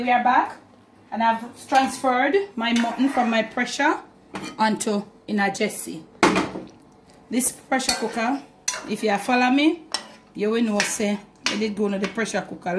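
Speaking with normal speed and a slightly high voice, this cooking channel host talks chattily to the camera in her home kitchen, mixing Patois into her Jamaican-accented English. The audio is reverberant with a noisy background.

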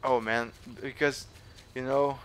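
A Brazilian man with a mid-range voice narrates his game to viewers, excitable and joking, swearing freely. He slides between his own language and Brazilian-accented English. A faint hiss sits under the recording. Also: medium pitch, slow pace. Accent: Brazilian Portuguese. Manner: excitable, jokey, swears a lot, mixes in English. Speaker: gaming YouTuber. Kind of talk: gameplay commentary to viewers.

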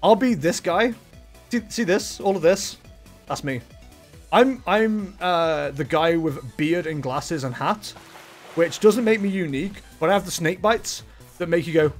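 A man's voice: high voice, a little slow. A man live-streaming a card game, chatting casually, joking about himself and laughing often. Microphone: desk microphone, webcam. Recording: music playing faintly behind.

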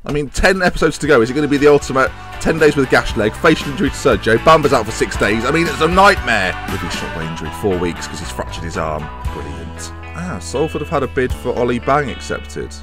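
A man, a gaming YouTuber, commentating his own football management match at home in an excitable, self-mocking way, shouting at big moments. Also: medium pitch, quick pace, hardly any pauses, over music. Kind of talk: live game commentary. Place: home room with windows open.

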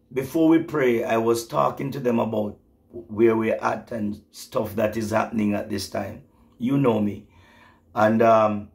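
A man's voice: medium pitch, vocal fry. A middle-aged man preaching an emotional prophetic sermon, rising to fervent exclamations.

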